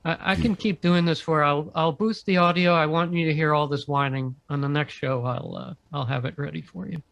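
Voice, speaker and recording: A man's voice: fairly high pitch, fairly even intonation, a little fast, creaky, a bit bright, no room sound, lo-fi sound. A man co-hosting and running the audio on a podcast, talking hesitantly with many fillers. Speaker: podcast co-host, producer. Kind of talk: casual chat.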